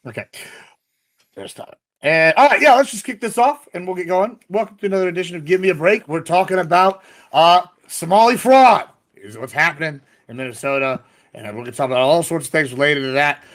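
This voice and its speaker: A man's voice: fairly high pitch, a bit bright. A man hosting and moderating a live online debate stream in a casual, easygoing way. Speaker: debate host.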